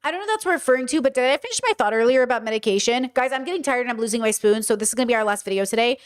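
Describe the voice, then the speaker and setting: A woman chatting casually on a live stream, blunt and animated, swearing freely and acting out little voices. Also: on the high side, rapid-fire, clean tone. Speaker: streamer hosting a live podcast.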